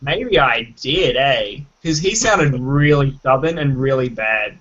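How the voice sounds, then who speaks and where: A man co-hosting a casual film chat, blunt and opinionated, with quick asides. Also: medium pitch, animated, fairly bright tone. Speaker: podcast co-host. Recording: dull lo-fi recording.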